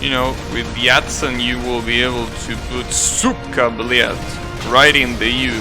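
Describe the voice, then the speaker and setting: Young male streamer, casual chat, unhurried delivery, keeps correcting himself, loud music behind. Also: mid-range voice, level tone. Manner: rambling, self-correcting, swears casually, laughs at own jokes.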